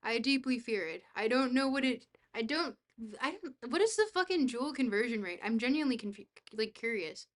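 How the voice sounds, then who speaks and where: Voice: medium pitch, expressive, fairly quick, fairly bright tone. A young adult streamer in casual chat, reading messages aloud and answering them in a dry, joking, rambling way.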